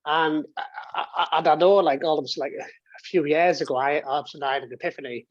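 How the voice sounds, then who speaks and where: A man's voice: a little high, steady tone, fast, no room sound, highs cut off. A man in his thirties telling a personal story as an interview guest, rambling with restarts and swearing, on a video call from his home office. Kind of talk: casual storytelling. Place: home office and games room.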